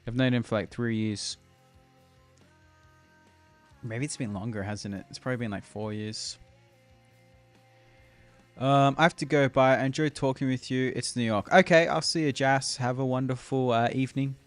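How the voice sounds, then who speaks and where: At medium pitch and normal speed, broken by long pauses, the young Australian man chats loosely on his stream. He laughs often, greets viewers by name, and faint music hums behind him.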